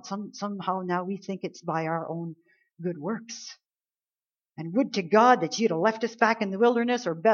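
A woman's voice: mid-range voice, highs cut off. A woman preaching a sermon in a conversational way, acting out pleading and complaining voices as she tells the story. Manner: conversational preaching, rising into acted pleas and complaints.

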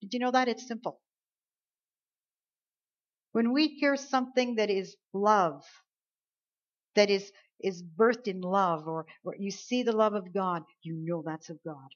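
Woman preacher with soft-to-loud sermon swings. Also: measured pace, pauses often, lo-fi sound. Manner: swings between soft, low lines and loud, stretched emphasis.

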